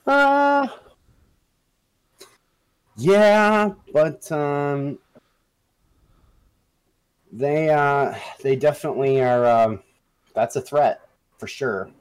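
A man playing a tabletop game, speaking hesitantly with lots of pauses and fillers. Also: fairly high pitch, expressive, clear, resonant tone, poor audio. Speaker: player. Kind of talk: tabletop role-play chat.

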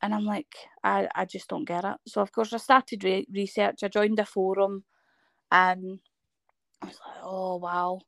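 Unhurried and gravelly, with a mid-range pitch, a Scottish guest in her thirties shares a personal story in conversation. She performs the lines people said to her in animated fashion. The sound is clean studio quality with no echo.

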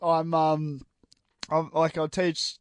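Giggly young Australian guy, higher voice. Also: completely flat delivery, takes it slowly, smooth, dry recording. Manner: giggly, rambling storyteller with many ums. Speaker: community radio co-host. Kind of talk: casual banter.

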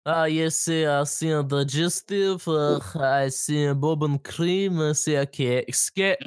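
Man playing a foreign shopkeeper, put-on accent, polite, hesitant, drawn-out speech. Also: fairly high pitch, clear, resonant tone, no echo, clean studio sound, close to an everyday voice. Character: adult male foreign shopkeeper, slow and polite.

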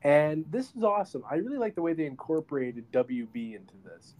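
A man co-hosting a podcast, chatting casually as he retells a film scene by scene. He talks in an animated way and keeps jumping into brief voice impressions of the characters. A faint background ambience sits under his voice. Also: on the high side, brisk, slight background noise. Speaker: podcast co-host reviewing a film. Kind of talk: casual chat.

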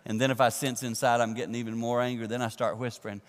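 A man preaching a sermon to a congregation, animated and swinging from loud to a near hush for emphasis. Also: medium pitch, quick pace, few pauses. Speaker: pastor. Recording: long reverb of a large hall.

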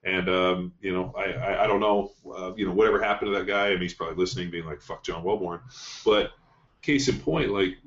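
Male podcast host, deep-voiced and blunt, swears freely, dull roomy recording. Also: fast, a bit bright. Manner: blunt, profane storytelling. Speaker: podcast host, strength coach. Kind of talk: casual podcast talk. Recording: dull, roomy studio sound.

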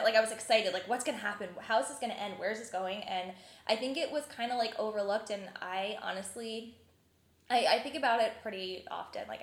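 A young woman from New Jersey hosting a casual chat, animated and full of filler words. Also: mid-range voice. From New Jersey, USA. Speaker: podcast host. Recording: roomy echoing room.

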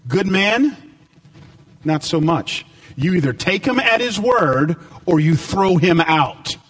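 Animated high-voiced man preaching a sermon. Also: slow, recorded from a distance, rough recording. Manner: animated, rising to emphatic peaks.

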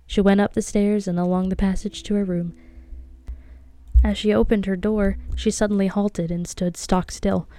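A woman reading a novel aloud, with a tense, hushed delivery of the characters' inner thoughts. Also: mid-range voice, little pitch movement, normal speed. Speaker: audiobook reader.

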